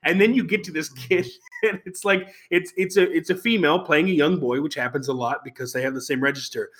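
A man's voice: on the high side, fairly quick, a bit bright. A man co-hosting a podcast, reviewing an anime in casual chat, wry and rambling with plenty of fillers and restarts. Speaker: podcast co-host.

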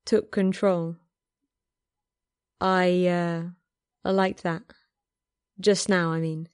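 A woman voicing a shy, gentle man who speaks softly and haltingly. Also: fairly low pitch, level tone, smooth. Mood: hesitant. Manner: hesitant, soft, halting.

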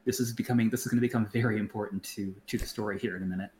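A man's voice: on the low side, steady tone, a little mellow. Blunt, swearing man in an echoey room. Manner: blunt, profane, halting with many restarts. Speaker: podcast co-host. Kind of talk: casual chat. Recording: roomy echo, faint background noise.

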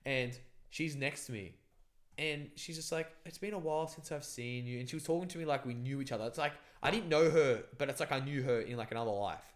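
A man's voice: medium pitch, quick pace. A young man, chatting casually and recounting a dream in a rambling, profane way, full of fillers.

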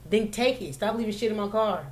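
A woman telling a story in casual chat, profane and animated, with loud bursts of laughter. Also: medium pitch, brisk. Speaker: podcast co-host telling a story.

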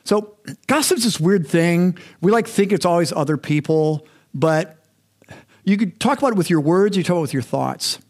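A man's voice: high-pitched, animated, moderate pace. A middle-aged male pastor giving a sermon in a conversational, candid way, often restarting and repeating words.

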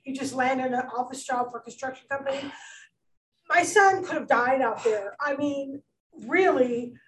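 A middle-aged woman giving a rambling personal tribute at a memorial, halting and full of restarts. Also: high voice, a bit bright. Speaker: speaker at a memorial. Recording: distant mic with faint background noise.

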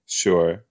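Man, low voice, slow unhurried talk, casual reaction chat, easily amused. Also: fairly bright tone. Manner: chatty, easily amused, lots of gasps and laughs. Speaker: podcast host reacting to an episode.

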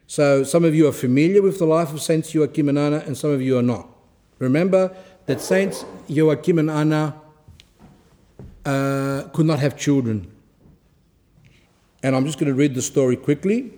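A man with a mellow, fairly high voice gives a religious talk. He reads passages out slowly, then breaks off to explain them in quick asides. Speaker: Orthodox speaker giving a talk. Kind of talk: reading aloud and explaining a saint's life in a talk.

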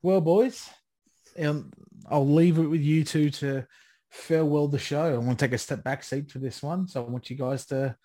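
Blokey Australian podcast host. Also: male voice, on the high side, normal speed, dark tone. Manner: blokey banter, swears freely. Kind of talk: casual chat.

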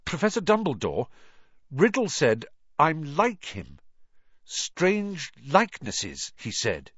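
Guy doing a nervous young boy wizard, high and pleading, lively, muffled lo-fi sound. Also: takes it slowly, husky, no room sound, full character voice. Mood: anxious. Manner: urgent, pleading. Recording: dull lo-fi recording.

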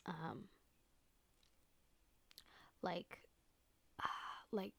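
A young woman hosting a solo podcast in casual chat, rambling with many fillers and swearing freely, sometimes dropping to a soft whisper close to the microphone. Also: fairly low pitch, fairly even intonation, very slow, vocal fry, no echo. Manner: drops to soft whispers at times. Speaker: podcast host.

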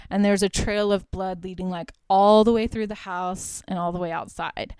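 A woman's voice: mid-range voice, a little mellow, clean tone, dry recording. A young woman hosting a podcast, recapping a horror film in a casual, chatty way, full of fillers and swearing. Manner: chatty, profane, lots of "like" fillers. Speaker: podcast host.

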